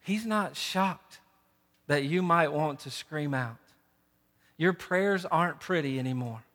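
A male pastor delivers an impassioned sermon, his voice climbing loud on the key phrases. His tone is bright and forceful, a little higher than most men's. The sound rings out with the long reverb of a large hall. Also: takes it slowly.

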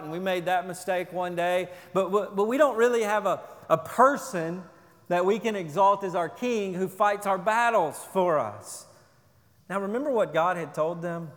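A man preaching a sermon as pastor, earnest and emphatic, often repeating words as he presses a point. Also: high voice. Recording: long hall reverb.

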